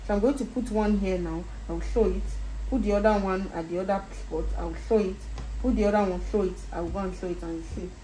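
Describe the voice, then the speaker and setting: Speaking briskly in a warm, medium-pitched voice with fairly even intonation, a woman with a Nigerian accent gives a casual sewing tutorial. She goes through the project step by step, patiently repeating every instruction as she works. The audio is roomy and echoey, with faint noise behind her.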